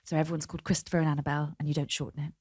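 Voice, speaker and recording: A young woman guests on a comedy podcast in a lowish voice. She tells stories with animated energy and a teasing, sarcastic edge. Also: racing, breathy edge. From West London. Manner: animated storyteller, playful sarcasm. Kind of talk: casual comedy chat.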